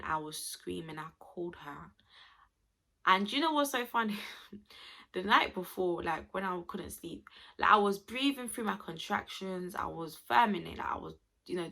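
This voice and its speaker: A woman's voice: mid-range voice, vocal fry, sharp tone. A young woman, chatting expressively to camera as she tells a personal story to her viewers. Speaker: vlogger.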